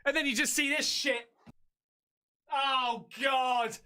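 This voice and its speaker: A man with a British accent giving loud, excitable reaction commentary full of swearing. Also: extremely high pitch, takes it slowly, clear, resonant tone. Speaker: reaction host.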